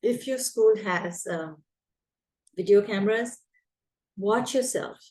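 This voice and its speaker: A woman's voice: mid-range voice, slow, a little mellow, poor audio. A woman coaching teachers, speaking emphatically and repeating her key points. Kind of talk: advice talk to teachers.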